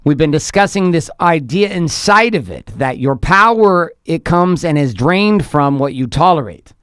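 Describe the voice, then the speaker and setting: A man's voice: high voice, clear, resonant tone, no echo, clean studio sound. Emphatic motivational podcast host, a man. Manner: emphatic, repetitive motivational phrasing.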